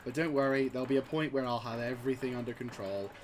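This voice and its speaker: A man casually commenting on a strategy game, rambling and excitable, swearing freely and chuckling at his own jokes. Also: mid-range voice, fast talker, slight background noise. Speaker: gaming channel host.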